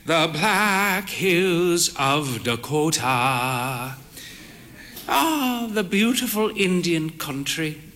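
A fey, whimsical man in late middle age, as a male storyteller plays him, with a droll, playful delivery that drifts into crooning. His voice is bright and lively in this spoken story. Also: fairly high pitch, slow, heavily acted.

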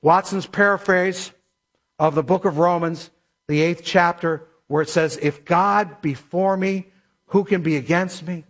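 A pastor delivers a sermon in a notably high voice. He preaches emphatically and slows down to stress the scripture he quotes. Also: fairly even intonation, fairly bright tone. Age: middle-aged or older.

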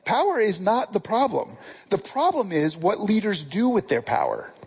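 Preacher for a casual, conversational sermon; husky tone, pitch rises and falls a lot. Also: huge pitch swings, normal speed, poor audio. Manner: casual, asks the listeners direct questions.

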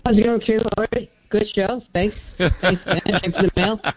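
An older retired man calling in on the phone, with a thin high "helium" voice, rambling from one topic to the next. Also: steady tone, moderate pace, husky, no echo. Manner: rambling, jumps between topics. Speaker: caller. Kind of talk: rambling call-in sports talk. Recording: muffled phone-line call.

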